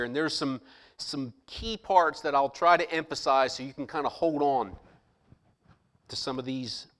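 A man preaching a sermon, reading scripture slowly and emphatically and pausing dramatically around rhetorical questions. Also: mid-range voice.

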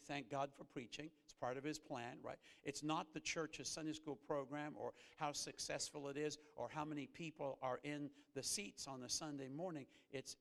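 A man preaches with earnest conviction, his gravelly voice climbing to emphatic peaks before sinking low and slow. He sits slightly high for a man. The sanctuary lends a long reverberant tail to every phrase. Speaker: guest preacher. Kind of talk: sermon. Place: church sanctuary. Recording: reverberant church hall.

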